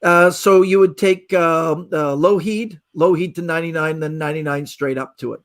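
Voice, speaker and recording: A man's voice: on the high side, moderate pace. A middle-aged man from Canada, a magician guest, telling stories in casual podcast talk and acting out the voices of people in them. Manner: animated storyteller acting out quoted voices.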